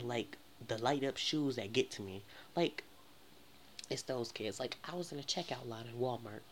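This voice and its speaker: A woman, telling a profane, animated storytime rant for her vlog. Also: extremely low pitch, slight background noise. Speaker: vlogger.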